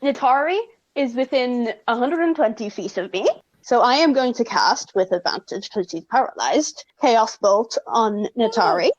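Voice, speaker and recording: A woman with a high voice plays her character in a tabletop game. She talks in loose, rambling stretches full of fillers, and she mocks herself as she goes. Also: lively intonation, normal speed, muffled recording. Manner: rambling, self-mocking, lots of fillers. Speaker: player. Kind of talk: casual tabletop roleplay.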